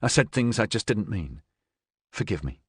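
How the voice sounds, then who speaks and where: A man's voice: fairly low pitch, big pitch swings, normal speed, breathy edge, no echo, studio quality. A man playing a sheepish rebel leader. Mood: remorseful. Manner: quiet, apologetic.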